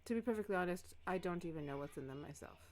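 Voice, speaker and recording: Woman doing a ship captain, stiff, formal, defensive, lowish voice. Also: lively intonation, fast talker, darkish tone, close to an everyday voice.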